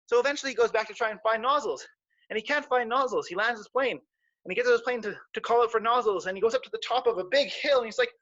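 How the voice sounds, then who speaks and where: A man with a high voice tells a children's story on a live stream, animated and tossing in sound effects. The audio is dry and close, with a dull, lo-fi edge. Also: fast, dry recording. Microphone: live stream mic.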